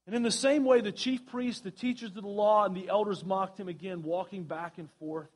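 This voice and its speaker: A pastor preaching a sermon in a church, talking earnestly with frequent restarts and reading scripture aloud. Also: male voice, high voice, fairly quick, few pauses. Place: church sanctuary.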